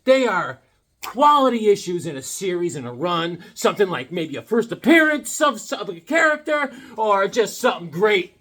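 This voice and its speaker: Husky, animated comic-book vlogger man. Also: sits high, normal speed. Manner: joking, rambling, animated riffing. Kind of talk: comedic casual monologue.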